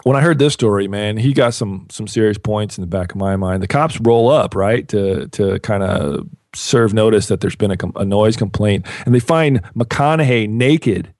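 A man's voice: on the low side, darkish tone, no echo, studio quality. A man co-hosting a podcast in casual chat, rambling and laid-back, laughing often. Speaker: podcast co-host.

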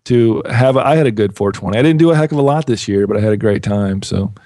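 A man's voice: lowish voice, quick pace, mellow, no echo, clean studio sound. A man co-hosting a podcast in casual chat, rambling and laid-back, laughing often. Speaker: podcast co-host.

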